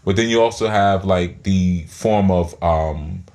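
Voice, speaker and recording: Man with a very low voice, spiritual teacher, talks through clenched teeth, rambling. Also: takes it slowly, a little mellow. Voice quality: speaks through his teeth. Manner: rambling, repeats words while thinking aloud.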